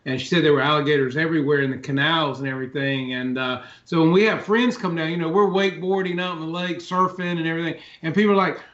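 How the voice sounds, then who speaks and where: Folksy high-voiced man telling stories. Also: a bit bright. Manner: folksy storyteller, drawn-out tales with "man". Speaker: podcast host. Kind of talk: casual chat. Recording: roomy, dull lo-fi sound.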